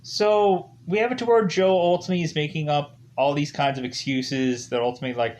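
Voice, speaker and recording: A man's voice: on the high side, fairly even intonation, brisk, few pauses, darkish tone, highs cut off. A man giving a casual, rambling spoken film review, leaning heavily on fillers like "ultimately" and "like". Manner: loosely acts out characters' lines in quotes.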